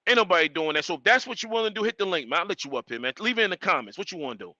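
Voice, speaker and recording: A man's voice: high-pitched, rapid-fire, no room sound, lo-fi sound. A man hosting a live stream, ranting emphatically and repeating his points. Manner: animated, emphatic, repeats himself. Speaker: livestream host.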